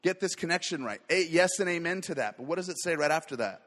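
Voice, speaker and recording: Fervent high-voiced male preacher in a hall. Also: animated, fast talker. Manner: fervent, swings between quiet and loud. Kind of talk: sermon.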